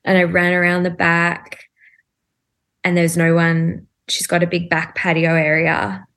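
Low, gravelly woman telling her story. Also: completely flat delivery, measured pace, fairly bright tone. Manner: earnest, recounting events with many "like" fillers and inner quotes. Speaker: guest. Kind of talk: personal storytelling in a podcast interview.

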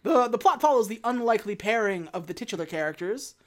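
A woman's voice: a little high, lively intonation, fast talker. Chatty woman reviewing a movie. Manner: chatty, self-deprecating, many fillers and restarts. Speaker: podcast co-host reviewing movies. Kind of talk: casual chat.

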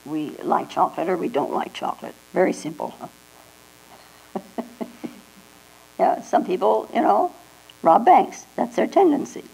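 An older woman, a Zen teacher, giving a slow, reflective dharma talk with frequent "you know" and "huh?" asides, on a 1989 tape. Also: mid-range voice, very animated, creaky, dark tone, slightly rough, low-quality recording. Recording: 1989 tape with mains hum.

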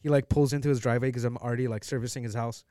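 A man's voice: mid-range voice, steady tone, rapid-fire, dark tone, clean tone, no echo. A young adult man, co-hosting a podcast and telling work stories in a laid-back way. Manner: laid-back, says "dude" a lot. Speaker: podcast co-host, pest control worker. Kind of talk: casual podcast chat.

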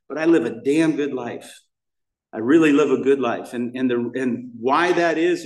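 A man's voice: on the high side, a little mellow. An American man giving a candid, rambling personal testimony as the main speaker at a recovery meeting in a church hall. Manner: candid, rambling, emotional storytelling with restarts. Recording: roomy hall sound, mic at a distance.

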